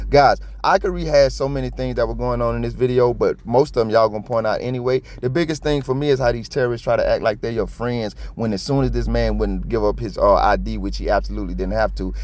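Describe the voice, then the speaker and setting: A middle-aged man from South Florida rants through a reaction video in a fast, tumbling delivery, blunt and profane. His voice sits fairly low. Every so often he trips over words, then presses right on. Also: darkish tone. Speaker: copwatch commentator. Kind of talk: casual reaction commentary.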